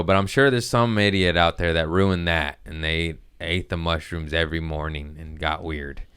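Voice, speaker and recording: A man hosts a podcast, chatting casually and telling loose, profane, jokey stories. His voice sits low with a fairly bright, clean tone, captured in a dry, studio-quality recording.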